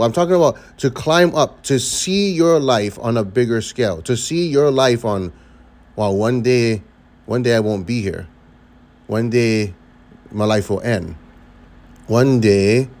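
Male podcast host, mid-pitched, earnest and emphatic, motivational delivery. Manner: earnest, emphatic, repeats words for stress.

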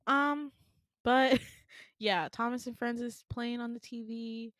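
A woman's voice: fairly high pitch, steady tone, slow pace, fairly bright tone, clean tone, dry recording. Chatty young woman, dry close mic. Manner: rambling with many fillers and laughs. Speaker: podcast co-host. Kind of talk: casual chat, telling a dream.

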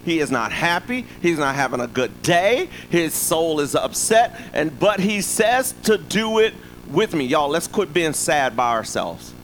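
Guy preaching, kinda high voice, chatty, keeps asking right?, bit of background hum. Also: very animated, a little slow, hardly any pauses, a bit bright, poor audio. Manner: conversational preaching with frequent "right?" asides. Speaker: pastor. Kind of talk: sermon.

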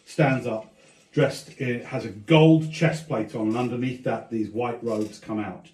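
Male game master, unhurried and descriptive with fillers, echoey room. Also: medium pitch, steady tone, a little mellow. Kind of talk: narrating a tabletop game.

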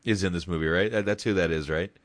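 A man's voice: low-pitched, quick pace. A man co-hosting a podcast, chatting casually about a movie, profane and rambling, with frequent laughs. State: sore throat after shouting. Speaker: podcast co-host. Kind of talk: casual movie review chat.

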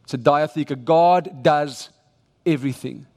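A man's voice: on the high side, measured pace, darkish tone. A man with a South African English accent preaching a sermon with emphatic, exhorting delivery and frequent restarts. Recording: long reverb of a large church hall.

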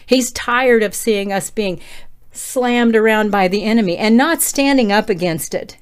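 Woman preacher, middle-aged, fervent pleading prayer that builds to near-yelling. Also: mid-range voice, unhurried, clear, resonant tone. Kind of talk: passionate prayer and sermon.

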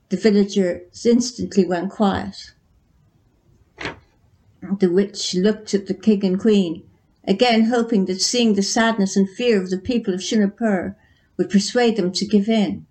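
A woman reading her own story aloud, with measured, unhurried narration. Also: mid-range voice, steady tone, darkish tone. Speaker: story reader.

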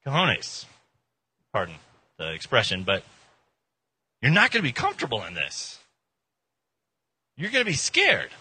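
A man preaching a casual, joking sermon in an informal, animated way. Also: a little high, breathy edge. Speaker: pastor.

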